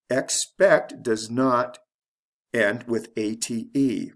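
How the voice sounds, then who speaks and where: A man teaching English pronunciation, saying words slowly and deliberately and repeating them for practice. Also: mid-range voice, steady tone. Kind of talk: pronunciation lesson.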